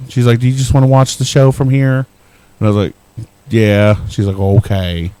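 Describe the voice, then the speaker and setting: A man's voice: medium pitch, little pitch movement, normal speed, warm tone, clean tone, no echo. A middle-aged man co-hosting a podcast, telling a rambling, profane, self-deprecating story in casual chat. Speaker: podcast co-host.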